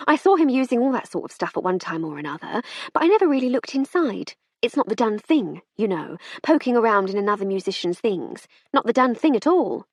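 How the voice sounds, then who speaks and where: A woman's voice: a little high, big pitch swings, a little fast, no echo, pitched above the performer's own voice. A woman reading an audiobook, voicing a shaken young woman musician who talks in a chatty, earnest way.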